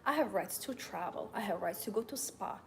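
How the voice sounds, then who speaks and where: A woman's voice: mid-range voice, expressive, fairly quick, vocal fry, a little hiss or hum. A woman coaching her viewers in a live talk, stating rights in emphatic, repetitive declarations and speaking straight to them. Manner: coaching, addresses viewers directly. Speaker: femininity and wealth coach. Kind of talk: motivational livestream talk.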